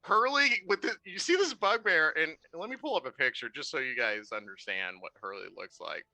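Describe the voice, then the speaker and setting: Lively, bright-voiced male game master. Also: on the high side, moderate pace, no echo. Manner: rambling, with many fillers and restarts. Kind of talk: improvised game narration.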